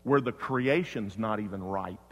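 A man preaching a sermon as pastor, swinging from loud emphatic preaching to hushed, quiet storytelling. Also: lowish voice, a little slow, long reverb tail.

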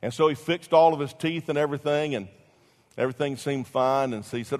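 A pastor preaching a sermon, telling a story with lively swings between loud and hushed delivery. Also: male voice, medium pitch, fast talker, big-room sound.

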